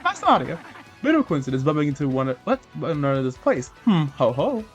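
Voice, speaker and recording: A man's voice: a little high, big pitch swings, a little fast, faint music behind. Man doing a pompous old mushroom steward. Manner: pompous, old-fashioned, chuckling ho ho. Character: fussy old male mushroom steward, very proper.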